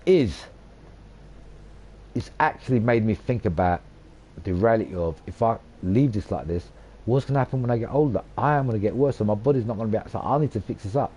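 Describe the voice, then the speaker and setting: A man's voice: on the low side, a little fast, mellow, a little hiss or hum. A man, rambling and ranting over his own gameplay, swearing a lot and repeating himself for emphasis. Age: 40s. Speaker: gaming channel host.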